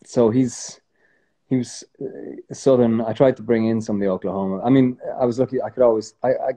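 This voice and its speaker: An Irish man talking casually as a guest in an interview, relaxed and rambling, with many fillers and restarts. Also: medium pitch, a little fast. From Ireland.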